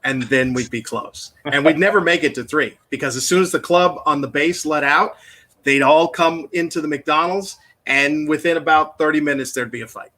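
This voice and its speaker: Man, bright sharp voice, chatty co-host, casual chat. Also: on the high side, moderate pace.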